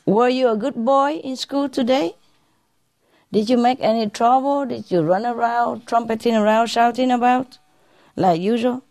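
A woman's voice: fairly high pitch, normal speed, darkish tone, no echo, voice pushed up, natural voice. A woman voicing a fussy mother questioning her son in a raised voice.

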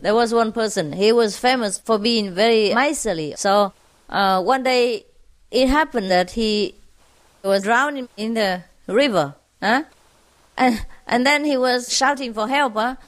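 Woman storyteller, unhurried joke-telling, slightly high voice, chuckles a lot. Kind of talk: telling jokes to an audience.

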